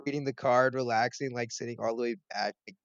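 A young man co-hosting a casual sports podcast, animated and playful, laughing easily. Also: mid-range voice, fast, no room sound, muffled recording. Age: young adult. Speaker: podcast co-host.

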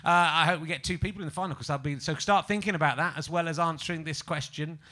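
High bright guy hosting a live comedy podcast, teasing the crowd, laughing a lot. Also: steady tone. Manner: teasing, quick, laughing quizmaster. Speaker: podcast host running an audience quiz. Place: on stage at a live venue.

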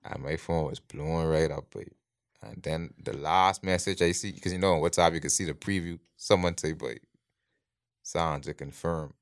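A man's voice: low-pitched, fairly even intonation, brisk, no echo, studio quality. A man, co-hosting a casual chat in a laid-back way, laughing often. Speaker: podcast co-host.

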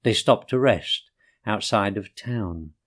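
A man reading rhyming children's poems aloud in a gentle, sing-song way. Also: on the low side, slow pace. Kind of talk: rhyming storybook narration.

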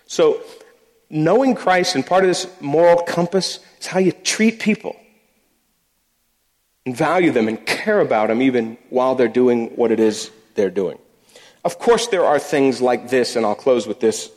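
A man's voice: medium pitch, animated, measured pace, a little mellow. A man giving a sermon-style talk, telling stories about faith at work, often restarting and repeating words. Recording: long echoey hall reverb.

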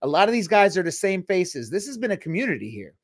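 Guy hosting a christian livestream, rambly and chatty, slightly high voice. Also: sing-song, no room sound, clean studio sound. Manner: chatty, rambling, quick asides. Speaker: host of a Christian livestream show. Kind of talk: casual livestream chat.

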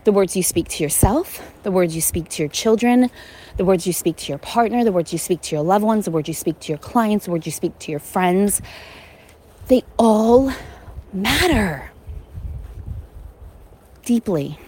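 A woman's voice: medium pitch, lively intonation, moderate pace, long pauses, mellow, slightly rough, low-quality recording. A woman giving a casual motivational talk, earnest and emphatic, repeating words for stress.

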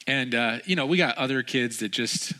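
Male pastor, 30s, bright and forceful, animated sermon delivery with acted-out quotes. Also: medium pitch, moderate pace. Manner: animated, acts out quotes in changed voices.

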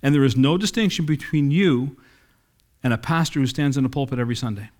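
A man's voice: medium pitch, fast talker, a little mellow. A middle-aged man preaching a sermon in a conversational way, reading scripture and acting out quoted dialogue.

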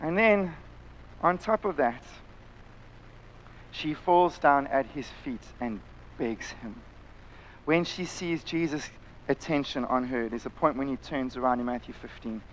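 A middle-aged man preaching a sermon, impassioned, sometimes acting out voices and sometimes dropping to a quiet intensity. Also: mid-range voice, unhurried, pauses often, a little hiss or hum, rough recording. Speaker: pastor. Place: church, live-streamed service.

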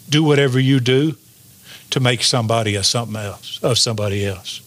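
A man's voice: medium pitch, a bit bright. A male pastor preaching a sermon, stretching out key phrases and asking the congregation for an "amen". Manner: preaches with call-and-response, draws out key lines slowly.

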